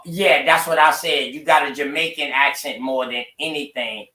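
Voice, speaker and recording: Blunt Geechee man, bright roomy sound. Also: a little high, normal speed. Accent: Gullah Geechee. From South Carolina. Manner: blunt, argumentative, repeats himself. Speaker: caller on a live stream. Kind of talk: heated casual debate.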